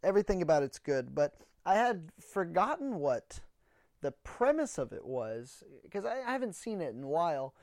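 A man's voice: on the high side, very animated, normal speed, a little mellow, dry recording. A man talks alone into a close podcast mic, blunt and sarcastic as he rambles through a story. He sounds a little out of breath. The sound is dry, with no room around it. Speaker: podcast host. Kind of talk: solo comedic monologue.

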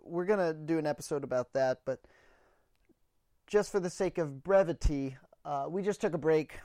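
Recorded clean and dry in a studio, a man with a fairly high, dark-toned voice hosts a comedy podcast by himself at normal speed. His solo monologue is a rambling story, delivered bluntly and sarcastically, and he's a little out of breath.

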